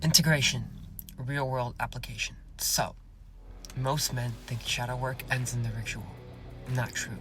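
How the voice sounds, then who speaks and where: A man hosting a self-help podcast, speaking in a slow, commanding way that often drops to a whisper and is peppered with "okay?" and "you guys". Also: medium pitch, steady tone, music in the background. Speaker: podcast host.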